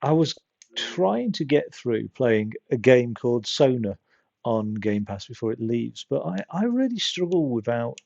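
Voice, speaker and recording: A man's voice: mid-range voice, gravelly, a little mellow, husky, dry recording, highs cut off. A man rambling in casual gameplay commentary, often stopping and restarting his sentences. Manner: rambling, self-interrupting chatter. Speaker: streamer.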